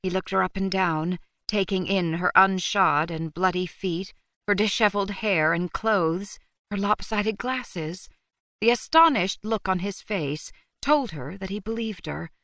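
A woman reading a novel aloud as audiobook narrator, in a steady, measured storytelling manner. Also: mid-range voice, no room sound. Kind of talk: scripted narration.

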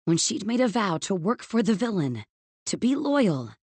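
A woman narrating a novel in a measured, expressive storytelling manner. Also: medium pitch, husky, no room sound. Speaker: audiobook narrator. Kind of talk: scripted narration.

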